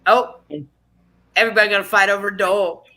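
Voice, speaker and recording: A woman hosting a support group meeting online, chatting and teasing in a lively, casual way. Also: mid-range voice, a little fast, poor audio.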